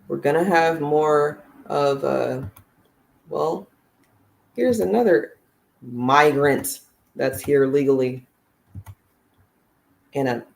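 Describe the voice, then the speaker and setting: A woman's voice: deep voice, slow pace, creaky, pauses often. A woman giving blunt, sarcastic, profane political commentary on a casual livestream.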